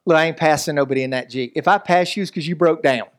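A man, preaching a lively, joking sermon as pastor. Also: fairly high pitch, quick pace. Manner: animated, joking, preacherly delivery with voices and asides.

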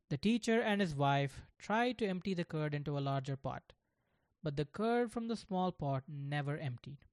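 A storyteller reading a children's story aloud in scripted narration, slow and deliberate. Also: medium pitch, lively intonation, dry recording, clean studio sound.

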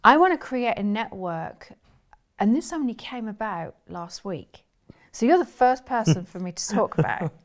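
An earnest woman in her forties, speaking at a middle pitch as a guest in a conversational interview. She rambles and restarts her sentences. Her voice drops soft and hushed when she talks about personal matters. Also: animated, normal speed. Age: 40s. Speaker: guest, spiritual teacher.

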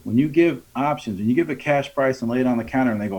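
Man, sales trainer, medium pitch, coaching tone, acts out customer lines, keeps asking "right?". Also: fast talker, darkish tone. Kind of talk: conversational podcast interview.

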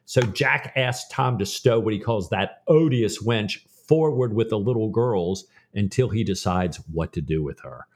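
A man with a fairly low voice co-hosts a podcast. He recaps a novel's scenes casually and pads his sentences with "like" and "you know.". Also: animated, measured pace, hardly any pauses. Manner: retells plot with many fillers. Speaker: podcast co-host. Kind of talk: casual book discussion.

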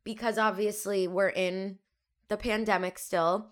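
A woman's voice: mid-range voice, steady tone, measured pace. Bubbly young woman, casual chat. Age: 20s. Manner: bubbly, giggly, swears casually.

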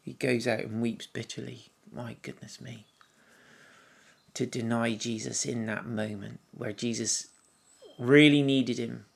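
A man preaching a sermon, reading scripture aloud and musing on it in a gentle, reflective way with soft asides. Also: mid-range voice, flat delivery, unhurried, gravelly, slightly rough. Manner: reads scripture aloud, then muses on it.

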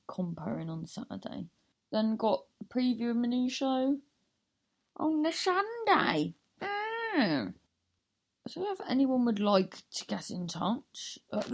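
A mid-range, slightly mellow woman's voice belongs to a comedian hosting her own podcast. She wraps up the episode with a casual, self-deprecating ramble that keeps drifting off track.

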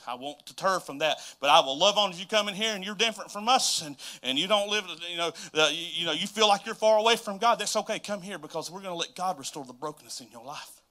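Bright-voiced pastor preaching. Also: male voice, a little high. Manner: casual and emotional, swinging between loud exclamations and soft asides. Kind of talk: sermon. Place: church sanctuary.

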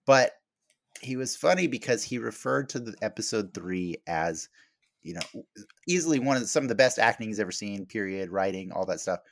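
A man's voice: on the low side, lively intonation, fairly quick, creaky, dry recording. A man hosting a podcast, chatting casually and rambling, with many fillers and restarts. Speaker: podcast host.

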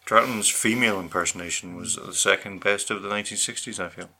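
A man with a low voice and a very bright, forceful edge. He co-hosts a casual chat show and teases his partner with dry remarks and mock rants. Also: fast talker. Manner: dry, teasing banter. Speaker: podcast co-host.

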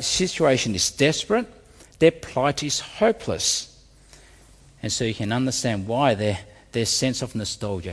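A man preaching a sermon, his voice rising high and dropping low as he reads and pleads through the text. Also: creaky. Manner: expressive preaching, voice rises and drops sharply. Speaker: pastor. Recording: long reverb of a large hall.

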